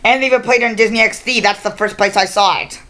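Woman host, bright voice, rambling off-the-cuff reviewer who corrects herself mid-sentence. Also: medium pitch, fairly even intonation, quick pace. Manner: rambling, unscripted, self-correcting. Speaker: video reviewer. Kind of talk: casual improvised video review.

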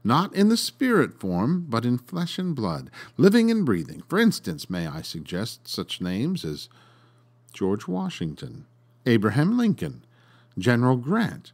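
A man voicing a grandiloquent male stage magician in a told story, slow, theatrical and grand. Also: mid-range voice, wildly swooping pitch, vocal fry, exaggerated voice. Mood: grandiose.

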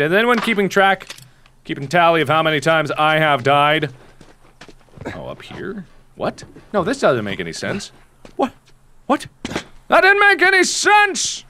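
A young man commenting on a video game he is playing, given to loud, expressive outbursts and self-mocking rants. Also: fairly high pitch, a little hiss or hum. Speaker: let's play host.

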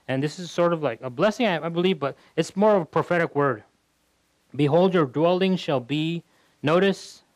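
A man's voice: on the high side, no room sound, poor audio. A male pastor teaching through a Bible passage verse by verse, talking casually and often repeating words as he thinks.

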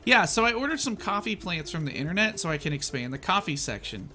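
A man reading the lines of an upbeat male café owner in a video game, chipper and rushed. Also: sits high, very animated, pushed and bright, soft background music, heavily acted. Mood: cheerful.

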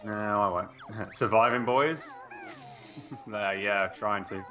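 A man's voice: lowish voice, takes it slowly, bright, forceful tone. A British man co-hosting a let's play, bantering and humming nonsense tunes while he plays. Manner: bantering, hums and sings nonsense while playing. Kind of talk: casual gaming commentary. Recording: dull lo-fi with game music.

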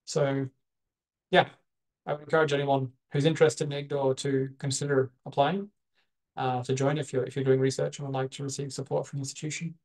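Guy presenting on a video call, gravelly and kinda flat, lots of ums and restarts. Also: mid-range voice, fairly quick, low-quality recording. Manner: hesitant, many fillers and restarts. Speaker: guest speaker. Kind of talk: online presentation.

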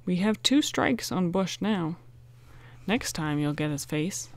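A woman reading aloud, voicing a level-headed teenage boy detective who speaks calmly and encouragingly. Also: fairly low pitch, slow pace. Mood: steady. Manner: calm and encouraging.

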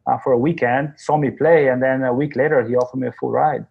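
A man from Albania speaks English with a clear Albanian accent, with a gravelly voice. His tone is husky and worn. He tells his story as an interview guest, acting out other people's lines and laughing along the way. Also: medium pitch, quick pace, lo-fi sound. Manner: animated storyteller, acts out quoted voices, laughs often.

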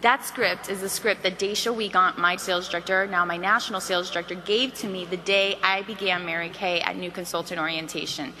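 A woman giving an energetic motivational sales training to a roomful of people, acting out phone calls as she goes. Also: fairly low pitch, brisk, few pauses, big-room sound, slight background noise. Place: meeting hall.

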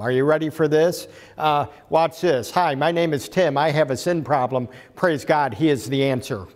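A man's voice: on the high side, darkish tone. A man preaching a sermon as pastor, earnest and building to emphatic climaxes. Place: church sanctuary. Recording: long reverb of a church hall.

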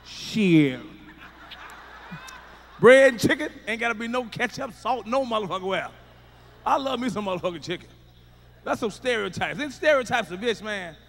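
A man doing profane stand-up on a big theater stage, high-pitched and bright-edged, with shouted punchlines and muttered asides. His voice rings out through a long concert hall reverb, with faint room noise under it. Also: expressive, normal speed, pauses often. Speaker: stand-up comedian. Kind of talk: stand-up comedy routine. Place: large theater stage with live audience.

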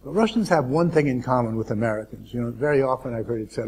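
A man speaking as a guest lecturer to students, deliberate and wry, with asides and restarts. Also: mid-range voice, big pitch swings, a little mellow, breathy edge.

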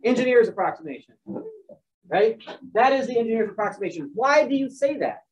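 A man's voice: high-pitched, very animated, brisk, distant mic. A man lectures a math class in a loose, chatty way, full of joking asides and restarts as he works problems out aloud. He sounds set back from the microphone, and the recording is dull and muffled. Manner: rambling, joking asides, restarts while working sums. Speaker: math teacher.

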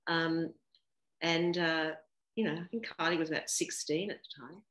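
A woman's voice: low voice, moderate pace, a bit bright. A woman in her sixties, a guest actor chatting casually in an interview, laughing often and full of fillers and restarts. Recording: roomy echo.

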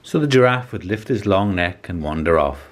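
A man with a deep, low voice reads a children's picture book aloud. His storytelling is calm and measured, paced steadily for young listeners.

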